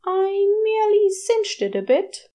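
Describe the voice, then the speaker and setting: Woman doing a fussy bookish male angel, prim and airy, raised pitch, clipped indignant delivery, storybook reading. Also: big pitch swings, unhurried, dark tone, exaggerated voice.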